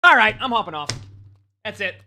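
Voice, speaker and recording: A man's voice: high voice, big pitch swings, fairly quick, sharp tone. A man streaming live, rambling casually and talking to his chat. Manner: rambling, chatty, talks to chat.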